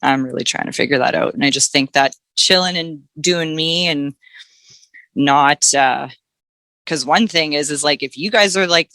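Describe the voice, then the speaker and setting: A woman's voice: deep voice, bright, forceful tone, no room sound. A Canadian woman in her thirties, a podcast guest, talking candidly and rambling over a remote call. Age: 30s. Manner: candid, rambling, laughs nervously. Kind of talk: casual chat. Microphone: headphones on remote call.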